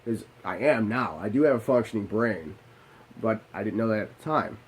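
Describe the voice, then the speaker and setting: A man in his late twenties with a somewhat low voice talks straight to the camera in a confessional vlog. He is blunt and profane about his own mistakes and rambles, often breaking off and restarting his sentences. Faint ambient noise sits under the voice. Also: animated, normal speed, rough recording. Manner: candid, profane, self-deprecating. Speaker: vlogger. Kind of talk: confessional storytelling.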